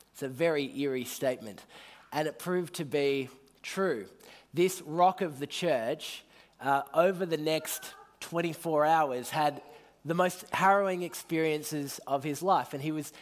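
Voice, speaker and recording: A man delivering a sermon in a voice pitched a little above the usual male range. He tells the story earnestly, letting his voice fall low and quiet on the solemn lines. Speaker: preacher.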